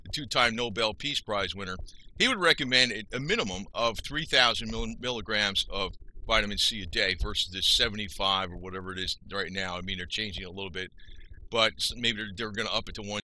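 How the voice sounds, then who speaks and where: A man's voice: lowish voice, brisk, sharp tone, poor audio. A man giving an unscripted health talk, rambling with frequent restarts and self-corrections.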